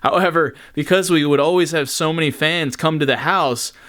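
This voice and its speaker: A man's voice: on the high side, moderate pace, clear, resonant tone. A young man casually talking through behind-the-scenes stories of his videos, swearing freely and acting out quotes with energy. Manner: casual, profane, animated retellings. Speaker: YouTuber.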